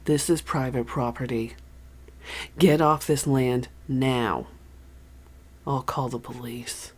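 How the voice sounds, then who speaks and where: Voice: medium pitch, steady tone, slow, darkish tone. A reader voicing a stiff, suspicious male landowner who speaks in curt, demanding orders. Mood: ordering.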